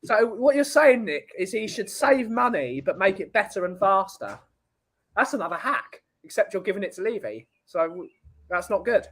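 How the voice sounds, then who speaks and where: A man's voice: sits high, big pitch swings, normal speed, fairly bright tone, breathy edge. Chatty rambling podcast host man. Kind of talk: casual chat.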